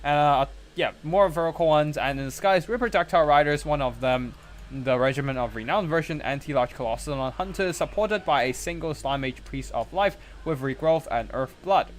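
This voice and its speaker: A man's voice: fairly high pitch, moderate pace, slight background noise. A man with a slightly raised voice casts a strategy game tournament live. He talks loosely and conversationally, breaking off his play-by-play to answer viewer chat. The sound comes across as a streamer speaking into a desk mic.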